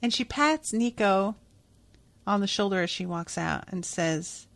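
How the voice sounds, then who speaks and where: Woman podcast host, unhurried and blunt, candid cursing, dry close-miked sound. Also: medium pitch, creaky, dry recording. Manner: chatty, blunt, swears freely. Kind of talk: casual episode recap.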